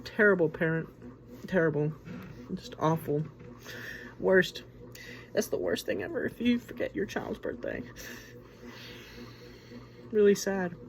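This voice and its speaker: A man's voice: high voice, animated, a little slow, creaky, long pauses, a little hiss or hum. A man hosting a casual spoken movie review, rambling and informal with lots of restarts and filler words. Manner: rambling and informal, with many restarts, "like" and "you know". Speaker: movie reviewer, host of the show.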